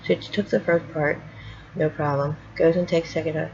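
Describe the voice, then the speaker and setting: A woman's voice: low-pitched, fairly even intonation, moderate pace, a little mellow. A middle-aged woman rambling through family stories in a casual vlog, with many fillers and acted-out quotes. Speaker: vlogger. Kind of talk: casual storytelling. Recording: dull lo-fi home video with noise.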